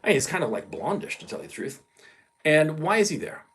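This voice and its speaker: Lively, profane man ranting. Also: on the high side, brisk, husky. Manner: profane, emphatic, repeats points. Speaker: commentator. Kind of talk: ranting commentary vlog.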